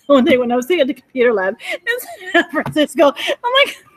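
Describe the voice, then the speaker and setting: A woman's voice: sits high, big pitch swings, fairly quick, poor audio. A woman in her forties talking in a rambling, profane monologue, often breaking into giggles. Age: 40s.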